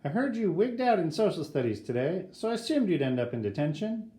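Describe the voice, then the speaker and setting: A man's voice: high voice, sing-song, fairly quick, warm tone. A man voicing a chatty, motherly woman at a school, gossipy and kindly. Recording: roomy echo.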